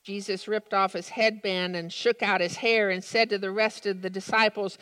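A woman's voice: medium pitch, steady tone, normal speed, few pauses, fairly bright tone, clean tone. A woman preaching a sermon, reading a story and then reflecting on it in an earnest, thoughtful way. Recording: long reverb of a large room.

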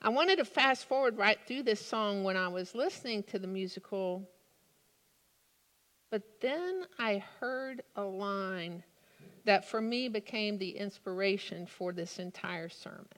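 A woman preaching a sermon in a slow, deliberate way with dramatic pauses. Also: medium pitch, animated, fairly bright tone. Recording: long hall reverb.

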